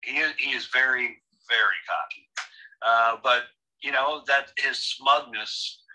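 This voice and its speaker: A man's voice: mid-range voice, a little slow, pushed and bright, poor audio. An American man co-hosting a casual chat, opinionated and joking, with many restarts. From United States. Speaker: podcast co-host.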